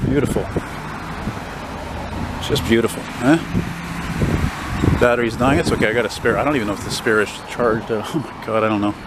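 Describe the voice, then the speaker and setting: A man with a French Canadian accent talks off the cuff while strolling outdoors, blunt and quick to swear. His voice sits at an ordinary middle pitch, and passing cars and street noise are clearly heard behind him. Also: fairly even intonation. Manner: blunt, swears freely, grumbles about politicians. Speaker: vlogger. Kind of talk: casual walking vlog commentary. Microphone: handheld camera mic while walking. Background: passing traffic and street noise.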